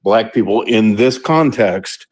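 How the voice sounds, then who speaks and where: A man's voice: fairly low pitch, animated, slow pace, a little mellow, husky. Combative man arguing on a call-in line. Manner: combative, interrupts with "wait a second". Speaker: caller. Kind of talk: heated debate.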